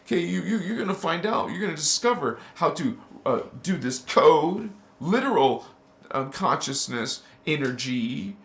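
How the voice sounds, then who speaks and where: A man's voice: fairly high pitch, lively intonation, unhurried, vocal fry, fairly bright tone, reverberant. A man hosting a live spiritual teaching, exhorting listeners fervently with slang mixed in, then guiding a visualization. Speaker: spiritual channel host.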